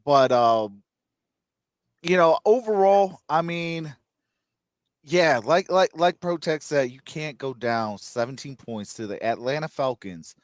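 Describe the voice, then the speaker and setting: Rambling sports host, slightly high voice. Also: male voice, animated, takes it slowly, no echo, clean studio sound. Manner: rambling, many fillers, laughs at own jokes. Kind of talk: casual sports podcast chat.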